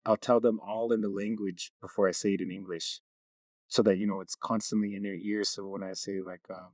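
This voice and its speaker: A man's voice: fairly low pitch, little pitch movement, fairly quick, a little mellow, no room sound. A man, a community knowledge keeper, talking easily in an interview and telling stories. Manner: easygoing storyteller. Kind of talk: casual interview talk.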